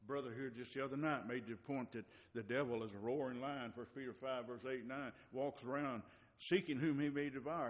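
Preacher guy hammering his points over and over, echoey church hall, mid-pitch voice. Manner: emphatic, repetitive, rises to near-shouting for emphasis. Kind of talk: sermon. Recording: long reverb of a church hall.

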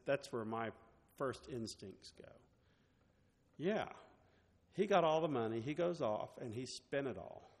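A man preaching in a church, his voice carrying a long hall reverb. He reads scripture aloud, then explains it in plain, everyday words, sometimes restarting a phrase. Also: medium pitch. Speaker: pastor. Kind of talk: sermon with scripture reading.

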